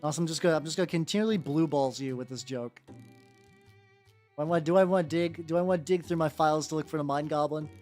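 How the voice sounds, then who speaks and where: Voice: mid-range voice, fast, a little mellow. A miniature painting streamer chatting casually on a live stream, rambling with many fillers and self-restarts. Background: faint background music.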